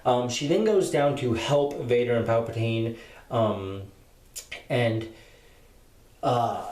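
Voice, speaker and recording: A man's voice: medium pitch, slow pace, darkish tone. A man giving a casual spoken book review, retelling the plot in a rambling way with many fillers. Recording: roomy echo.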